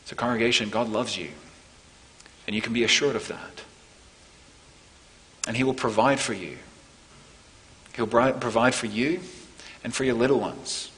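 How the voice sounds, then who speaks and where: A man's voice: mid-range voice, moderate pace, pauses often. Earnest male pastor preaching in a reverberant church. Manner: earnest preaching, rising to emphatic peaks then softening. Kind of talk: sermon.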